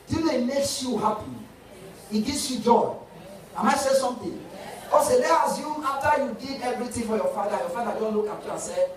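A Nigerian pastor preaching a sermon, often asking the congregation questions to get them to respond. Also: male voice, very high-pitched, fast. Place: church hall. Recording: echoey church hall, mic at a distance, faint hiss.

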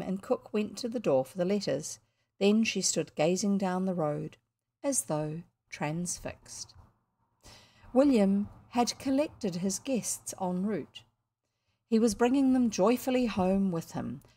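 A woman with a New Zealand accent reading a classic children's story aloud, expressive with the odd slip and restart. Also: medium pitch. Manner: expressive, occasional slips and restarts. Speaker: audiobook reader.

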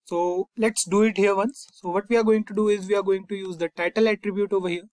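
A young man hosting a coding tutorial, calmly walking through each step and often saying "fine" and "over here". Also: sits high, fast talker, no room sound. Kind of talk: screen-recorded coding lesson.

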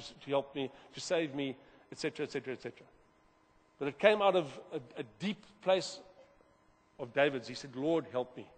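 A man preaching a sermon as pastor, animated, repeating words and swinging from loud to quiet. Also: fairly high pitch, slightly rough. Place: church hall. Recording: long hall reverb.

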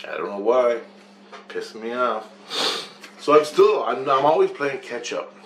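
A man's voice: mid-range voice, sing-song, a little slow, fairly bright tone. A man telling a rambling, agitated account of his spiritual experiences, swearing often and repeating himself. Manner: agitated, profane, repetitive storytelling. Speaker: vlogger recounting spiritual experiences. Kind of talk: rambling monologue. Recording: echoey room with faint background hiss.

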